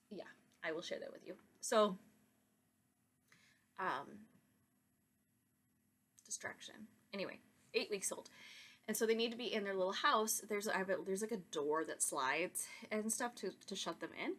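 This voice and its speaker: A woman hosts her own podcast in a loose, casual chat. She rambles with asides and gets excitable, laughing softly now and then. Her voice sits at an ordinary middle pitch. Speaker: podcast host.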